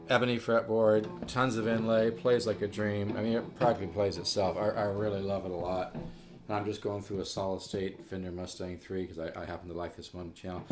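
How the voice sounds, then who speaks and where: A man giving a casual guitar lesson, who rambles, repeats words and sings out rhythms as he explains. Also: lowish voice. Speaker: guitar teacher. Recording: guitar music playing behind.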